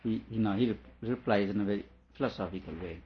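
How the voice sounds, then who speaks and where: A man's voice: on the low side, quick pace, hardly any pauses, lo-fi sound. A man reading a philosophical text aloud and explaining it line by line, with a chuckle now and then. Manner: reads a passage aloud, then comments on it with small laughs. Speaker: teacher.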